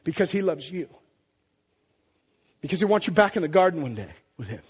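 High-voiced impassioned male preacher. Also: big pitch swings, a little fast, husky. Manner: impassioned and conversational, swinging between hushed and loud. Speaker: pastor. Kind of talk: sermon.

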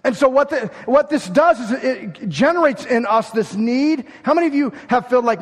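A man preaching a sermon in an animated way, acting out everyday scenes and swinging between loud outbursts and hushed asides. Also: extremely high pitch, moderate pace. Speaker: pastor. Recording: long reverb of a large hall.

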